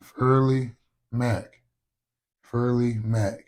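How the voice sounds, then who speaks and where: A young adult man, an actor guest on a casual podcast, telling stories in an animated, joking way and sometimes breaking into loud shouts. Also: mid-range voice, normal speed. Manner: animated storyteller who jokes and bursts into loud shouts.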